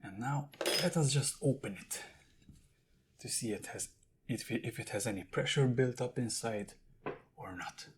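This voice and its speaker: A man's voice: medium pitch, normal speed, slight background noise. A man talking casually to camera in a food tasting vlog, explaining and eating as he goes. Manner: chatty, talks while eating and handling jars. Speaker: food vlogger.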